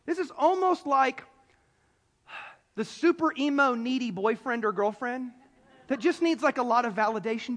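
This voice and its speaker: A man from South Carolina preaching a sermon to a live audience, telling the story in a lively way, acting out voices and adding playful asides. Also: very high voice, normal speed. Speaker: pastor. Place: large hall before an audience. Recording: long hall reverb.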